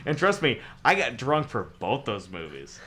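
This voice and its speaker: A man's voice: medium pitch, huge pitch swings, moderate pace, pushed and bright. A man co-hosting a casual movie podcast, ranting sarcastically and swearing freely. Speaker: podcast co-host.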